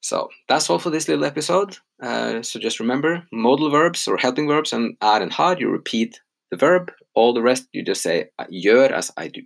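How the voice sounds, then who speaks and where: Male teacher and podcast host: husky voice, animated pitch, patient, slows down to repeat examples. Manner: patient, says example phrases slowly and repeats them. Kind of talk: relaxed podcast grammar lesson.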